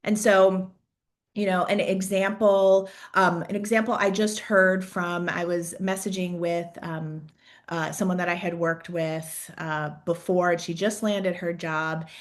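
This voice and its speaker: A woman's voice: lowish voice, level tone, unhurried. A woman career coach giving an encouraging, conversational talk, asking reflective questions and often adding "right?". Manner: conversational, peppers sentences with "right?".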